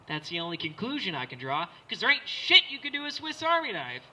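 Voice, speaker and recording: A young man in his late teens doing a stand-up comedy set, animated and jumping into silly character voices. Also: sits high, quick pace, low-quality recording. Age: young adult. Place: small comedy show with live audience.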